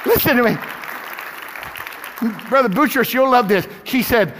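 A man's voice: very high voice, animated, unhurried, pauses often, fairly bright tone, long reverb tail, some chatter behind. A male pastor preaching a sermon with impassioned, repetitive emphasis. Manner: impassioned, repeating phrases for emphasis.

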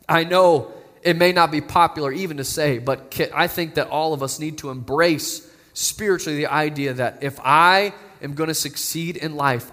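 A man preaching a sermon, building to emphatic, near-shouting appeals to the congregation. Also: fairly high pitch, moderate pace. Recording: long hall reverb.

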